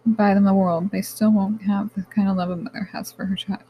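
A woman hosts her own podcast in a personal monologue, speaking candidly and rambling, cursing freely, calling her listeners "guys," and sounding close to tears. Her medium-pitched voice is husky and dark in tone, with a flat, slightly fast delivery, and the audio quality is poor.

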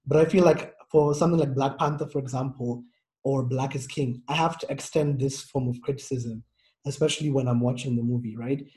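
Casting: man from Africa, mellow, reflective and earnest, chatty fillers. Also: medium pitch, steady tone, a little fast. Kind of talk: casual discussion.

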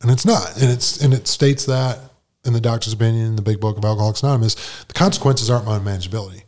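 A man tells his personal recovery story at a meeting, casually acting out the conversations he recounts with "I'm like" and "she's like." His voice is lowish, rapid-fire and a little mellow.

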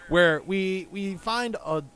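Upbeat man hosting a podcast, slightly high. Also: slow pace. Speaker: podcast host. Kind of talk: casual chat.

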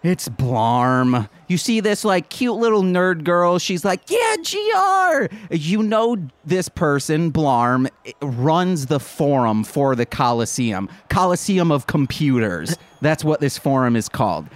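A man narrating a tabletop game as game master, animated and rambling with many fillers. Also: a little high, unhurried, hardly any pauses, dry recording.

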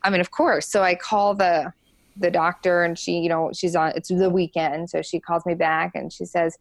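A young woman, an interview guest, telling a personal story candidly and frankly, halting often with fillers. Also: lowish voice, little pitch movement, dry recording. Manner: frank and open.

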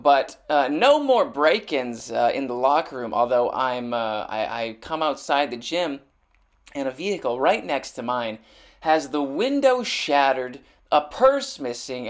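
Rambling sardonic male podcast host. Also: mid-range voice. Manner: rambling, sardonic, frequent restarts and fillers. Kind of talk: casual chat.

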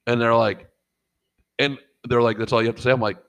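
Middle-aged man, casual chat, swearing freely, rambling, mid-pitched voice, jumps into quoted voices. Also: level tone, a little fast, a bit bright, clean tone, poor audio. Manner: profane, rambling storyteller who acts out quotes. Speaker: podcast co-host and father.

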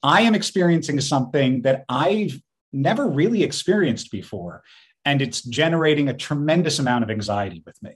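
A man co-hosting a podcast in casual chat, telling stories in an animated way and laughing often. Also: a little high, normal speed. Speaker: podcast co-host.

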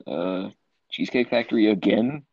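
Male podcast co-host, husky voice, dry teasing quips, dull lo-fi sound. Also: fairly low pitch, moderate pace, dry recording. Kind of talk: casual chat.

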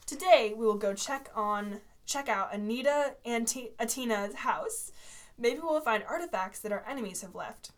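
A woman's voice: fairly high pitch, animated, normal speed, close to an everyday voice. A woman reading aloud as a cocky young boy bossing his friends. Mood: bossy.

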